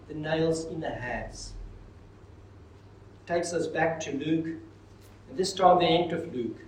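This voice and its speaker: A man preaching a sermon with emphatic swells and dramatic pauses, recorded from a distance in a church. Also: on the high side, darkish tone. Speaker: pastor. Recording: echoey hall, mic far off.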